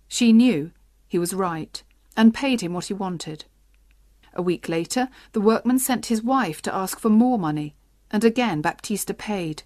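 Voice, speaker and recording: Steady woman storybook narrator. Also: mid-range voice, unhurried, no echo, clean studio sound. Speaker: audiobook narrator. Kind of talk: graded-reader narration for learners.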